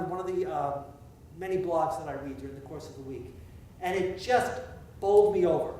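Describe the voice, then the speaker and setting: A man's voice: high-pitched, darkish tone, slight background noise. Man preaching in an echoey church. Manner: conversational, wry, emphatic, with asides. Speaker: priest. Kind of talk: sermon. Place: church sanctuary. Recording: echoey church, heard from far off.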